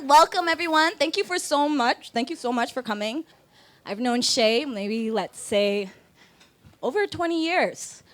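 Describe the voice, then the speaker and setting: A young woman giving her toast as maid of honor. She speaks in a high voice, casual and rambling but heartfelt. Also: expressive, measured pace. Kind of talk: wedding toast.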